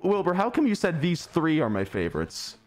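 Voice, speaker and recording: Goofy male streamer, bouncy lively pitch, a touch high, repeats words for fun. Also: brisk. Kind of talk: casual gaming voice chat.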